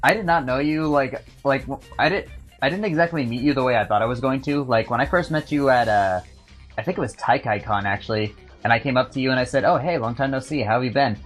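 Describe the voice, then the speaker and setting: A man's voice: mid-range voice, fast, a bit bright, soft background music. A man hosting a casual podcast chat, telling stories with many restarts and filler words. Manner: rambling storyteller with many restarts. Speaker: podcast host.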